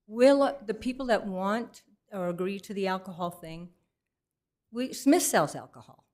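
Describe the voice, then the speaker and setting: A middle-aged woman giving an unplanned, earnest public comment at a council meeting, halting and restarting often. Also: mid-range voice, animated, darkish tone. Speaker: resident speaking at public comment.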